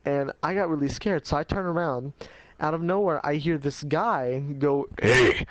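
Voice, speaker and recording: A man's voice: fairly high pitch, normal speed, no room sound, highs cut off. A man telling a casual life story in a rambling, slangy way, laughing at himself as he goes.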